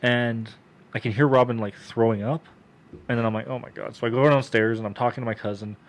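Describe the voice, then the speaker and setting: A man's voice: mid-range voice, fairly even intonation, brisk. A man on a casual podcast telling a long, profane personal story, often laughing and acting out what others said. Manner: profane, laughing, acts out voices in quotes.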